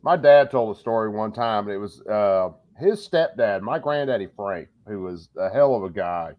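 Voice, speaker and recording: A man tells a humorous story with lots of pitch movement and a playful delivery. The recording sounds a bit muffled and lo-fi. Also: moderate pace. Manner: lively, joking storyteller. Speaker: podcast co-host. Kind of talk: casual storytelling chat. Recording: slightly dull lo-fi audio.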